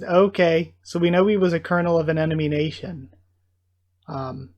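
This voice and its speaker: Male host, casual manga readthrough, emotional and exclaiming, light pitch. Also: steady tone, a little slow, pauses often, darkish tone. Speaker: channel host.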